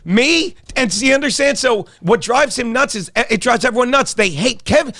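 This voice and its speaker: A man's voice: very high-pitched, animated, normal speed, vocal fry, sharp tone, no echo, clean studio sound. A middle-aged man from South Jersey, a comedian and guest co-host telling a long, rambling story with lots of profanity, laughing as he talks. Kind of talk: casual storytelling chat.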